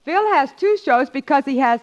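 Gentle high-voiced woman, radio comedy. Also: expressive, normal speed, highs cut off. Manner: gentle, patient, lightly teasing. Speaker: wife in a radio sitcom.

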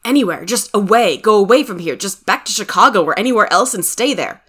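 A woman's voice: mid-range voice, expressive, fairly quick, a bit bright, husky. A woman reading the part of an earnest, impatient wealthy man who talks insistently and urgently.

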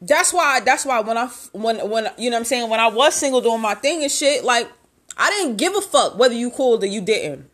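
A woman's voice: on the high side, animated, a little fast, a bit bright. A woman in her twenties hosting a podcast, talking candidly in a blunt, profane and heartfelt way. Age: 20s. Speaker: podcast host. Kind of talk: candid confessional podcast talk.

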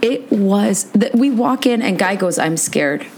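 A woman's voice: mid-range voice, unhurried, a little mellow, a little hiss or hum. A woman co-hosting a podcast, chatting casually, swearing freely and telling stories with big jumps in emphasis. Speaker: podcast co-host. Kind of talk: casual chat.

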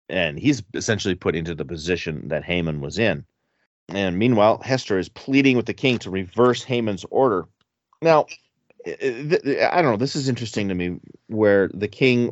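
A man's voice: low voice, no echo, highs cut off. A man in a casual Bible study discussion, thinking aloud and hesitant, restarting his sentences often.

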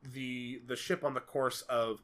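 A man's voice: medium pitch, a little slow. Chatty man riffing on films. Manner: animated, rambling, many fillers like "you know". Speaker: podcast co-host. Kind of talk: casual film discussion.

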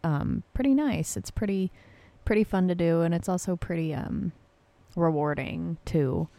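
A woman's voice: lowish voice, a little slow, vocal fry, warm tone, dry recording. A woman co-hosting a casual home podcast, chatty and giggly, rambling through everyday stories. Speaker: podcast co-host. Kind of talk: casual chat.

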